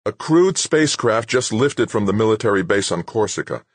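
A man's voice: fairly low pitch, lively intonation, moderate pace, husky, no room sound, voice pushed up. A man voicing a computer communications system that gives clipped, report-like updates in an audiobook. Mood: urgent.

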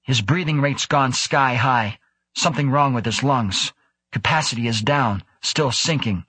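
Frantic male life-support officer, insistent, voiced by the male reader, low. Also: lively intonation, a little fast, fairly bright tone, slightly rough, dry recording, full character voice.

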